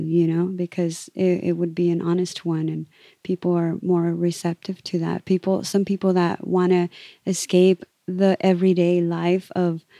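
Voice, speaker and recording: Mellow-voiced woman DJ, relaxed and rambling. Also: lowish voice, no echo, clean studio sound. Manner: relaxed and rambling, full of "you know" and "like". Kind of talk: candid interview talk.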